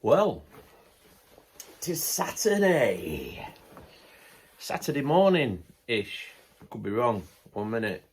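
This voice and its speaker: A man's voice: mid-range voice, very animated, slow, long pauses, slightly rough. A middle-aged man, chatting casually to camera, ranting bluntly, then laughing it off with good humour. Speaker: vlogger.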